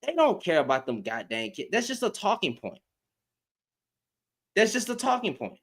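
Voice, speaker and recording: A man's voice: high-pitched, very animated, moderate pace, a bit bright, breathy edge. A man hosting a live stream, giving heated commentary in an exasperated tone, repeating himself for emphasis and swearing.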